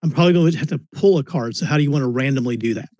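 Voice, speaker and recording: A man's voice: medium pitch, very fast, warm tone, no echo. A man playing in an online tabletop game, chuckling and sounding a little sheepish. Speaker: player. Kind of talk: casual game talk.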